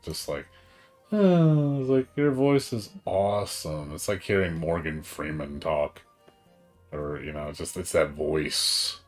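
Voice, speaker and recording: A man chatting casually on a live game stream, rambling and excitable, swearing often and tired from staying up all night. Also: deep voice, slow, faint music behind.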